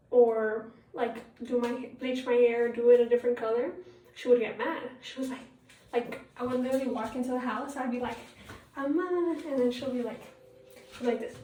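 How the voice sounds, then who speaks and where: A woman's voice: fairly high pitch, darkish tone, a little hiss or hum. Rambling teen girl in an echoey bathroom. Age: teens. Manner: rambling, many fillers, retells dialogue. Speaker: vlogger. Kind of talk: casual get-ready-with-me chat. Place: home bathroom. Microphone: tablet propped a little far away. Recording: echoey bathroom, mic at a distance.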